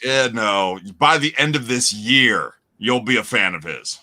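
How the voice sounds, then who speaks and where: A man's voice: medium pitch, lively intonation, a little slow, sharp tone. A man co-hosting a casual chat show, teasing his partner and stating his opinions with confidence. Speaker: podcast co-host.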